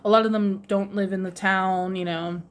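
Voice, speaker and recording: A woman's voice: medium pitch, normal speed. Chatty woman vlogger, laughing storyteller. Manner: animated, laughs often, mimics others' voices. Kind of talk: casual storytelling. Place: lives in Japan, runs a shop with her husband.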